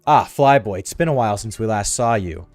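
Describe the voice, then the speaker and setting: A man reading the lines of a cold, haughty villain mother from a game in his own voice, scornful and slow. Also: on the low side, expressive, darkish tone, no room sound, soft background music. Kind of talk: reading game dialogue aloud.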